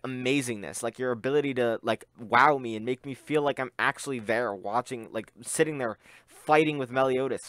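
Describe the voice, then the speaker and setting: A young man reacting to an anime scene, talking in an excited, rambling way with a slightly muffled voice. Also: medium pitch, clear, resonant tone, no echo, studio quality. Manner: excitable, rambling with many "like" fillers. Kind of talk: casual reaction commentary.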